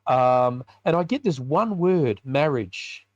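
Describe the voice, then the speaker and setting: An Australian man of middle pitch recounts a personal story as a podcast guest. He is colloquial and vivid and acts out the conversations. The recording is dry and slightly muffled. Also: lively intonation, slow, darkish tone, no echo. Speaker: podcast guest, biker ministry leader.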